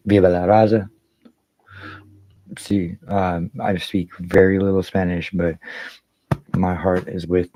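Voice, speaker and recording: A man's voice: deep voice, no echo, muffled recording. A man hosting a casual livestream, rambling and swearing freely while greeting viewers by name. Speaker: livestream host.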